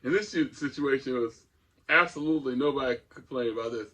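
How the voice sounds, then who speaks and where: A man's voice: medium pitch, fast talker, pushed and bright. An older man, a co-host telling a rambling story in a casual chat. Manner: rambling, restarts often, chuckles through stories.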